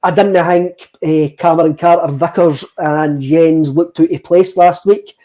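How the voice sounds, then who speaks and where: A man's voice: a little high, dark tone. A man, hosting a casual football podcast, hesitant and jokey, often repeating words. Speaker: podcast host.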